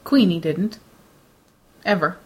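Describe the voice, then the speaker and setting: A woman co-hosting a casual movie review chat, animated and quick to laugh. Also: lowish voice.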